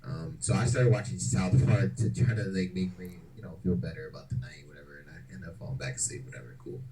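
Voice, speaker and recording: A man's voice: sits low, fast, warm tone, slight background noise, low-quality recording. A man co-hosting a podcast, telling a story in a loose, slangy, profane way. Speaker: podcast co-host. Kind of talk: casual storytelling.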